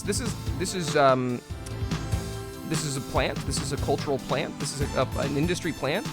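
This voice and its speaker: Brief: a high-pitched man as game streamer, sweary and self-mocking, reading on-screen text. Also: moderate pace, over music. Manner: self-mocking, swearing, stumbling over words.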